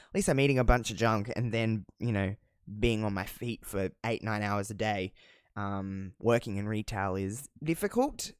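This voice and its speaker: An Australian man in his twenties from South Australia hosts a casual solo podcast with a medium-pitched, clean voice. He's rambling and candid, using slang and the odd swear word, recorded in a clean studio with no room sound.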